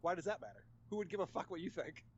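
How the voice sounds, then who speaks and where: Snarky guy, high and really animated voice, kinda muffled line w faint hiss. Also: quick pace. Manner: sarcastic, mocking, laughs often. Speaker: podcast guest. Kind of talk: casual podcast chat.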